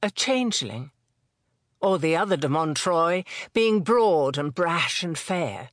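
A narrator reading a historical novel aloud in a measured, even storytelling voice. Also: mid-range voice, no room sound. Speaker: audiobook narrator. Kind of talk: scripted audiobook narration. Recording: dry close studio sound.

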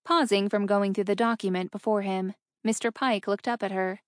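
A woman's voice: mid-range voice, fairly even intonation, normal speed, no room sound. Woman narrating an audiobook, dry.

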